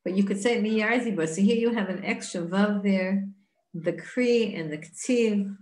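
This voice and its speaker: A woman teaching a Torah class in an earnest, chatty way. She asks rhetorical questions, restarts her sentences and says things again in new words. Her voice sits at an ordinary pitch and rings in a roomy, echoey space. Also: measured pace, a little mellow.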